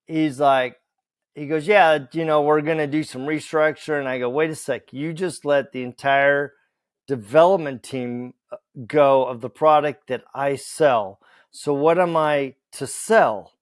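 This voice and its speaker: A man telling a story as a podcast guest, animated, acting out the dialogue and laughing along the way. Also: on the high side, measured pace, no echo, studio quality. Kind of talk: casual storytelling.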